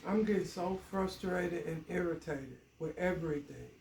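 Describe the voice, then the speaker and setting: A woman, vlogging casually in a weary, sighing, drawn-out way. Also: lowish voice, darkish tone. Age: 50s. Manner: weary, tearful, frequent sighs, says "y'all". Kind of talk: casual vlog talk to camera. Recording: echoey room with noise.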